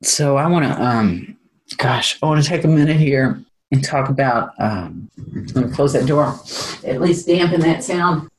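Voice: mid-range voice, lively intonation, a little slow, rough recording. A spiritual teacher giving an informal talk from a room at home, candid and self-deprecating and often laughing.

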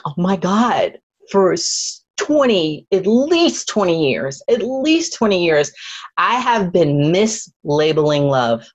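A woman's voice: sits low, rough recording. A middle-aged woman sharing a personal spiritual story in an emotional, searching way, often repeating and restarting her words.

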